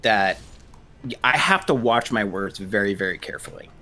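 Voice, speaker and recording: Male therapist, 30s, bright timbre, hesitant conversational delivery. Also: fairly low pitch, lively intonation, moderate pace. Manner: hesitant, many restarts and fillers. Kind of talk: casual discussion.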